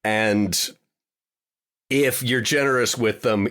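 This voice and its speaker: A man's voice: on the low side, lively intonation, unhurried, a bit bright. A man co-hosting a tabletop game podcast, chatting in a playful, jokey way and acting out little quotes. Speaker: podcast co-host. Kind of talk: casual chat about tabletop games.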